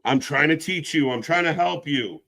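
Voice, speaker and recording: A man hosts a live wrestling watch-along stream with casual, sarcastic, profane commentary, jumping between shouts and low mutters. His voice is creaky and his pace moderate.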